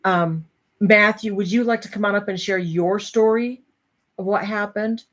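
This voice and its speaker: A middle-aged woman host telling a personal story to an audience, animated and acting out the voices of others. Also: medium pitch, moderate pace.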